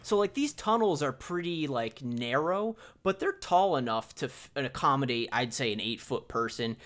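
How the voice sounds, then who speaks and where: A man's voice: medium pitch, expressive, normal speed, a bit bright. Man vividly retelling horror scenes. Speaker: podcast co-host. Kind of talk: casual film review chat.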